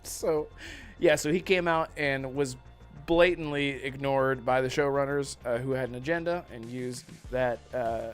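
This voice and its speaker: A man's voice: medium pitch, measured pace, faint music behind. A man hosting a gaming podcast in casual, joking chat, laughing often. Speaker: podcast host.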